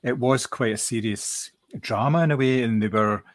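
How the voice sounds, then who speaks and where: A man's voice: medium pitch, moderate pace. A man co-hosting a podcast, reviewing films in casual chat, often repeating words while he thinks. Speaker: podcast co-host.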